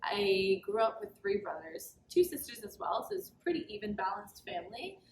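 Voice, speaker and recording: A woman's voice: mid-range voice, big pitch swings, normal speed, slight background noise. A young woman talking candidly about her own life as a podcast guest, with a casual, chatty manner and lots of "like". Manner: candid, chatty, heavy use of "like". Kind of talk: casual personal storytelling. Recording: roomy sound, mic at a distance.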